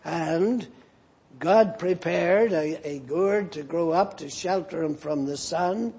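Male preacher, high and slow, husky, mellow tone, dramatic sermon delivery. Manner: animated, dramatic voicing of scripture figures.

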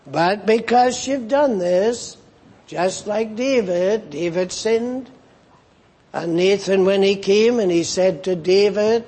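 Man preaching a sermon, high voice, slow and earnest, husky edge, pleading questions. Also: a little mellow.

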